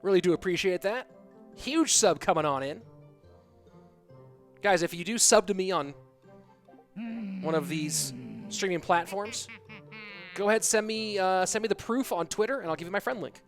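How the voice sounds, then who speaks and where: A man with a high-pitched voice calls a game tournament live on stream, chatting with his viewers between plays. Music runs clearly underneath him the whole time. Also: normal speed, long pauses. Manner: chatty, talks straight to his chat.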